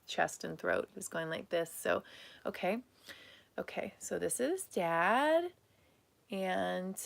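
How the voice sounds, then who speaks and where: A woman psychic medium giving a live reading, speaking in a halting, emotional way with many restarts, at times tearful. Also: fairly low pitch, creaky, a bit bright.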